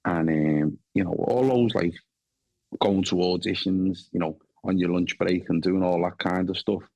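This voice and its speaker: A man's voice: low voice, fairly even intonation, moderate pace, gravelly, warm tone, dry recording. A man in his thirties with a Scouse accent, an actor chatting as a guest, swearing freely and often restarting. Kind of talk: casual chat.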